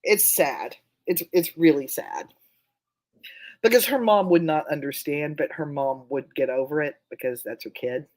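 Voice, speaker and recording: A middle-aged guest in a casual chat, telling personal family stories in a candid, wry way and swearing now and then. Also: female voice, sits low, moderate pace, darkish tone.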